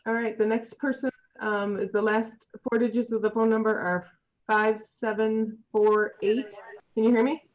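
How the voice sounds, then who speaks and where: A woman chairing a meeting, calling speakers in a brisk, procedural way. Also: on the high side, level tone. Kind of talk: running a public meeting. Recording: dull lo-fi audio.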